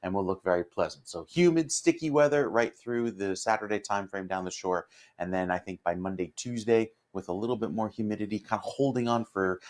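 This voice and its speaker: A man, a meteorologist giving a live morning weather forecast in a steady, explanatory way. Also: fairly low pitch, a little fast. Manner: steady explanatory delivery with fillers.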